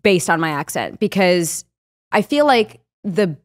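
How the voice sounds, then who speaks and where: Podcast guest: woman, loud and animated, slightly low voice, faint Boston accent, dry close sound. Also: unhurried, dry recording. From Boston area, USA. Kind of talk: casual chat.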